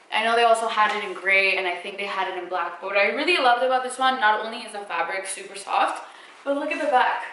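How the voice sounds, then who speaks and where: A woman's voice: medium pitch, a bit bright, roomy sound, slight background noise, low-quality recording. A young woman filming a casual clothing try-on haul at home on her camera, chatty and upbeat, full of fillers. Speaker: fashion vlogger. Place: room at home. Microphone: camera mic.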